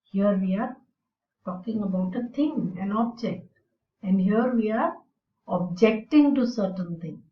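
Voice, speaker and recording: A woman teaching English in a slow, deliberate lecture, explaining with fillers. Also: mid-range voice. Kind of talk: recorded lecture. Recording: roomy and distant, dull sound.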